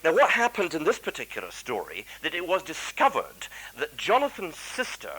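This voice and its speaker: Lively clergyman telling a story. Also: on the high side, normal speed, husky, low-quality recording. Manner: chatty, self-deprecating, many asides. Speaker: clergyman lecturer. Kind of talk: anecdotal public lecture.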